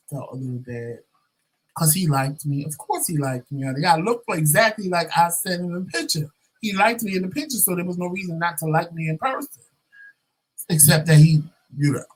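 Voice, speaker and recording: Sassy, husky-voiced man telling a story. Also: on the high side, poor audio. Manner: sassy, profane and dramatic, acts out both sides of the story. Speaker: vlog host. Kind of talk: casual storytelling rant.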